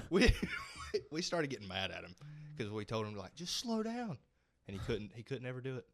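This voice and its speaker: A man's voice: lowish voice, fast talker, creaky, a bit bright. A man as a guest in a podcast studio, telling stories casually and acting out the quoted voices. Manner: storytelling, acts out quoted voices.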